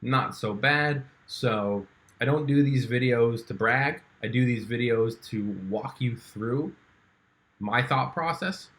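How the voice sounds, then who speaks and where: Young man, casual trading vlog, chatty, relaxed, medium pitch, fillers and restarts. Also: slow. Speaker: stock trading YouTuber. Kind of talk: casual screen-share walkthrough.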